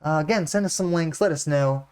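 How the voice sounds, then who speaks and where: A man's voice: fairly high pitch, a little fast, a little mellow, clean tone. An American man hosting a reaction video, chatting casually in a laid-back way with lots of fillers. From United States.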